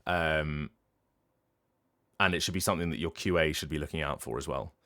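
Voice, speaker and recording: A man with a very deep voice talks casually on his livestream. As a voice actor, he explains his craft thoughtfully and often stops to restart a sentence. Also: moderate pace, fairly bright tone. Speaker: voice actor and streamer.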